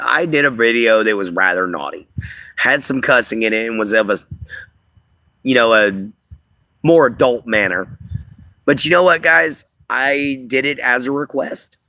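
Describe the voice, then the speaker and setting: A man hosting a live stream, chatting at length to his viewers. His voice is bright and forceful. He rambles loosely with plenty of fillers. The sound is dry and close, with no room in it. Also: medium pitch, no room sound. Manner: rambling, filler-heavy, talks to chat. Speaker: livestream host. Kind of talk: casual livestream chat.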